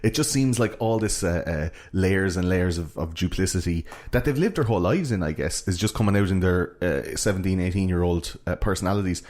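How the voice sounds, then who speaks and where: Man, podcast host, lowish voice, halting, lots of restarts, casual film chat. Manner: halting, many restarts and fillers, animated when retelling scenes.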